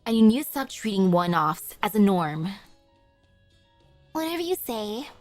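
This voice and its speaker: A woman's voice: medium pitch, big pitch swings, a little slow, no room sound, soft background music, voice pushed down. A woman voicing a stern, focused female soldier doll who speaks curtly and commandingly. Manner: curt, commanding.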